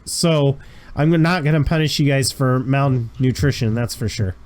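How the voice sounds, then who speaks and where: A man's voice: medium pitch, moderate pace, darkish tone. A man running a tabletop role-playing game as game master, narrating scenes in a casual, descriptive way. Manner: casual, descriptive, chuckling asides.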